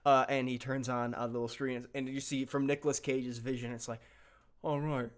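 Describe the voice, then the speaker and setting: A man's voice: mid-range voice, flat delivery, fairly quick. A man narrating as game master of a comedic tabletop game, loose and rambling with fillers.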